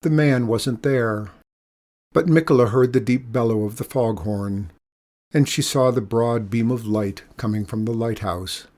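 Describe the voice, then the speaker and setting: A man reading a children's storybook aloud with expressive, emphatic delivery. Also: medium pitch, a little slow.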